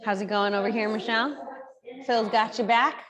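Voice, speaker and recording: A woman's voice: on the high side, steady tone, moderate pace, muffled recording, a crowd in the background. A woman physical therapist leading a group exercise workshop in a fitness studio, giving chatty coaching cues. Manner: upbeat, chatty coaching cues with frequent "like" and "right?".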